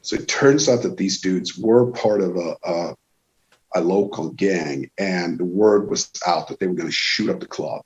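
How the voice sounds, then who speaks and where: Low-voiced Swedish man telling a story. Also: normal speed. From Sweden. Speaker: guest musician. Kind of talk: casual storytelling. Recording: dull lo-fi sound.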